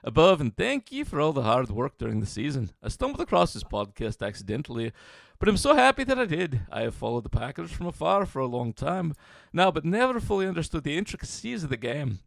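A man's voice: fairly high pitch, very animated, brisk, gravelly, no echo, clean studio sound, pitched above the performer's own voice. A man doing a thick put-on brogue, reading a letter. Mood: earnest. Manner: exaggerated put-on accent.

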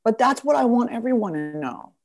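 A woman's voice: a little high, a little fast. A woman in her fifties, a podcast guest, talking candidly and bluntly, swearing freely and acting out voices as she tells stories. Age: 50s. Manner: blunt, profane, animated storytelling. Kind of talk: candid conversation.

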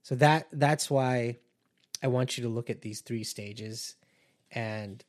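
A man's voice: medium pitch, takes it slowly. Earnest man hosting a casual podcast. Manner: earnest and conversational, warning listeners. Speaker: podcast host and empath coach.

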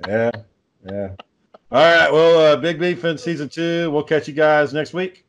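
A man's voice: on the high side, a little slow. A man hosting a podcast in casual chat, swearing freely and joking about a friend. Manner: profane, joking, quotes friends in mock voices. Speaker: podcast host.

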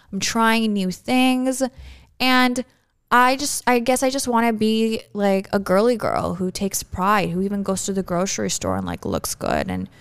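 A woman's voice: mid-range voice, creaky, clean tone, no room sound. A young woman from Canada, co-hosting a podcast in casual, candid chat and telling stories with acted-out quotes. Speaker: podcast co-host.

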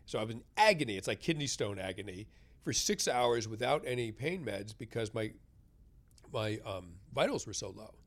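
A man's voice: fairly low pitch, normal speed. Man telling a vivid personal story. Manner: animated, acts out quoted voices. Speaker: guest, writer. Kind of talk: storytelling interview.

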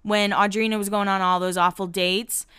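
A woman's voice: mid-range voice, level tone, moderate pace, fairly bright tone, clear, resonant tone. A woman hosting a podcast, giving a casual, gossipy recap in a candid style with casual swearing. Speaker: podcast host recapping a reality show.

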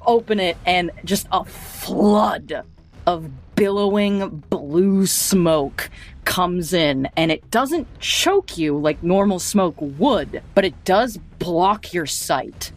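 A woman narrating a tabletop role-playing game as game master, in a slow, descriptive storytelling manner. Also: on the low side, animated.

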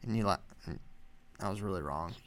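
A man co-hosting a podcast, chatting casually about wrestling picks with quick, animated banter. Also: low voice. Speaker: podcast co-host. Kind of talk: casual sports chat.

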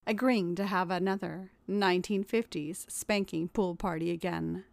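A woman narrating a scripted story in a calm, even reading voice with occasional hushed asides. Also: fairly low pitch, normal speed, creaky, no room sound.

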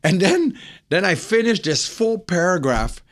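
Male guest, lively anecdote teller, does voices for quoted people. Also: a little slow. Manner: acts out quotes, swings higher when excited. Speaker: podcast guest. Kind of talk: animated storytelling.

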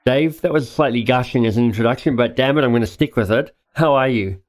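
A man's voice: medium pitch, quick pace. Enthusiastic man hosting a podcast. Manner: enthusiastic, gushing, joking. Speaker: podcast host. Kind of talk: casual interview.

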